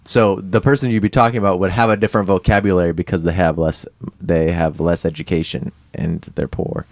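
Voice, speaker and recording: Low-voiced, halting podcast co-host. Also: male voice, fairly even intonation, no room sound. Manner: halting, self-deprecating. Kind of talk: casual comedic chat.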